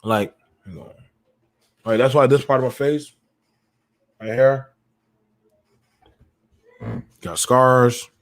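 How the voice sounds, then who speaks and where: A man, a military veteran, telling a raw story in the first person, halting and profane with frequent restarts. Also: medium pitch.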